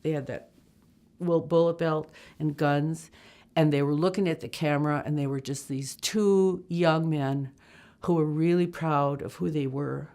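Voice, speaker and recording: Low-voiced woman telling a travel story. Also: a little slow. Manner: lively, acts out voices, laughs often.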